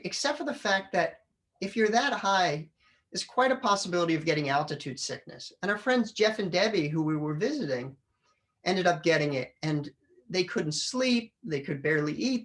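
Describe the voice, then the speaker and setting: A middle-aged man with a high voice gives a humorous storytelling speech in a club meeting room. As a public speaker and animated storyteller, he tells a funny story and acts out the voices of his family.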